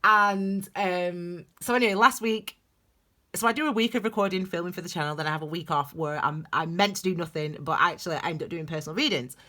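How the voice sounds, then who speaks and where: A woman giving a tarot reading for her channel, talking in a chatty, digressive and animated way. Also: fairly low pitch, brisk. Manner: calls viewers "my darlings". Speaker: tarot reader. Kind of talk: casual tarot reading vlog.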